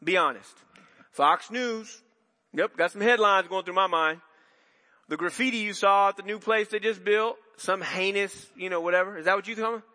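Male pastor, conversational sermon full of asides and restarts, lifted pitch, echoing church. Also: normal speed, bright, forceful tone. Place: church sanctuary.

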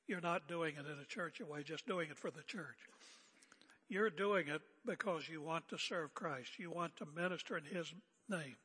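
An older man preaching a sermon as pastor, seated and speaking in a calm, conversational way with rhetorical questions. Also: on the high side, slightly rough, in a large hall. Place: church sanctuary. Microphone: seated at pulpit area mic.

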